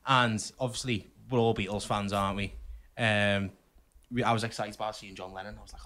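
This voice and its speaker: A man's voice: on the low side, steady tone, brisk, fairly bright tone. A man, co-hosting a podcast and telling a rambling anecdote with plenty of swearing. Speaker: podcast co-host. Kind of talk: casual chat, storytelling.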